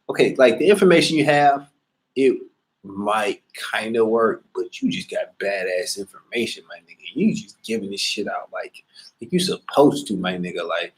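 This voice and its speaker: A man in a casual monologue, talking in a slangy, profane, animated way. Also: mid-range voice.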